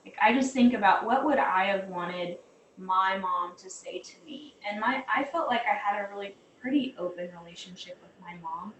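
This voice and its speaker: A woman's voice: medium pitch, moderate pace. A middle-aged woman and mother, chatting casually in a group conversation over a video call and telling stories animatedly. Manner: chatty, animated storytelling with many fillers. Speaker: mother sharing parenting experience. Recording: roomy, distant mic with faint noise.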